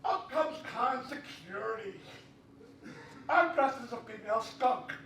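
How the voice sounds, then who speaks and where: A man doing open-mic stand-up at a convention, telling a rambling story with loud shouted punchlines. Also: extremely high pitch, lively intonation, unhurried, a little hiss or hum. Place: convention panel room. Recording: echoey room, mic from far off.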